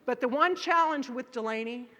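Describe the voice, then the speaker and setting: A woman delivers a motivational keynote, acting out voices and shouting as she tells her story. Her voice sits a little high and sounds bright and forceful. The sound carries the long echo of a big conference hall. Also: moderate pace. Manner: animated, acts out voices and shouts in her stories. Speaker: keynote speaker.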